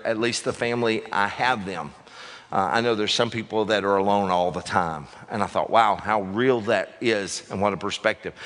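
A man's voice: mid-range voice, a bit bright. A man in his fifties preaching a sermon in a loose, conversational, self-deprecating way, often restarting his sentences. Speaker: pastor. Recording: long hall reverb.

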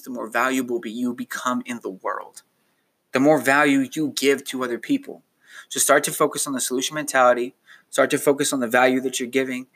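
A man's voice: on the high side, bright, forceful tone. A young man hosting a solo motivational podcast, talking in an earnest, rambling way with lots of fillers and restarts. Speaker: podcast host.

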